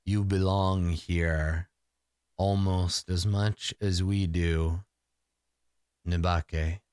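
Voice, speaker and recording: A man voicing a huge antlered male forest spirit with a deep, resonant voice and slow, grave speech in a solo tabletop game. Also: little pitch movement, a little mellow, clean tone, no echo, studio quality. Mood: solemn.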